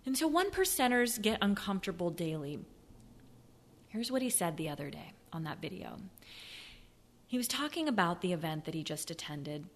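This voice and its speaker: Animated woman giving a motivational talk. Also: normal speed. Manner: animated, acts out excuses in a high mocking voice, drops to a soft near-whisper. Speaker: podcast host, sales coach. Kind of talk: motivational solo podcast talk.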